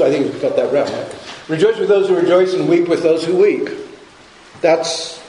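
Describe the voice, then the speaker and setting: A man preaching a sermon in a conversational, halting way, often restarting and repeating his words. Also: fairly high pitch, a little mellow, echoey room, a little hiss or hum, rough recording. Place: church sanctuary.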